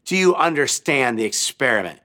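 A man's voice: mid-range voice, very animated, brisk, pushed and bright. A male preacher voicing a sarcastic, mocking professor in a sermon story, sneering and theatrical.

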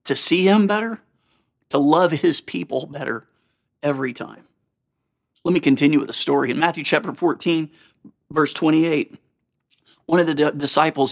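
A man preaching a sermon, earnest and conversational, with frequent rhetorical questions to his listeners. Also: fairly high pitch. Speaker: pastor.

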